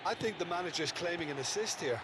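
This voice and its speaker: A man voicing a calm, analytical color commentator in a football video game. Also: fairly high pitch, natural voice. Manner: measured, analytical. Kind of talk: scripted sports commentary. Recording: game audio under stream noise.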